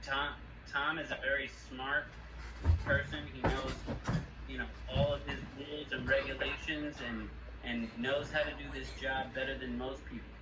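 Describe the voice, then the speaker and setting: A man's voice: mid-range voice, little pitch movement, moderate pace. A man mediating a workplace meeting, placating and filling his talk with "like" and "you know.". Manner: filler-heavy, placating. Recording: echoey room, distant mic, background noise.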